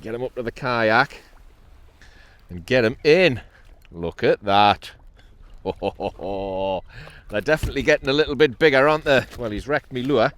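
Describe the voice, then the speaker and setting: The middle-aged Geordie from North East England, a kayak angler and channel host, gives casual, cheerful commentary on his own sea fishing, chatting away with bursts of laughter and exclamations. He speaks at normal speed in a mid-range, fairly bright voice.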